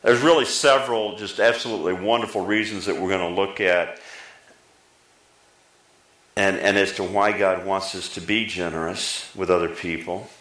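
Man, middle-aged pastor, sermon, bright tense voice, echoey hall, lively emphasis. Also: moderate pace. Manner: lively, pitch jumping up for emphasis, talks back and forth with the congregation.

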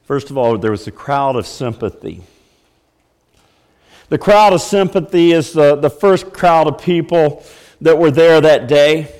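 A man's voice: a little high, measured pace, a little mellow, long reverb tail. A man preaching a sermon as pastor, breaking into mock wailing when he acts out the crowd. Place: church.

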